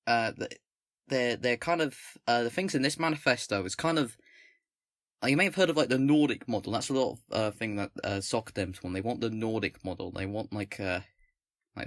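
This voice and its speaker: Male host from England, casual political commentator, halting and rambly delivery, close mic with no room sound. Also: mid-range voice, fairly bright tone, dry recording. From England, not the North. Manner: rambling, halting, many fillers and restarts. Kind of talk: casual commentary with manifesto reading. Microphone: own microphone, close.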